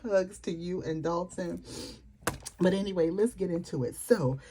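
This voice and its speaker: Woman, casual home vlog, rambling chatty manner, deep mellow voice. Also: slight background noise. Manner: chatty, rambling with fillers and asides. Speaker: planner vlogger. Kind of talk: casual chat to camera.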